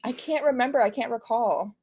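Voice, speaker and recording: A woman's voice: fairly high pitch, brisk, darkish tone, slightly rough. A woman co-hosting a casual podcast, chatting animatedly about the week's wrestling, laughing often and trailing off mid-thought. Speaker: podcast co-host. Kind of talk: casual wrestling recap chat.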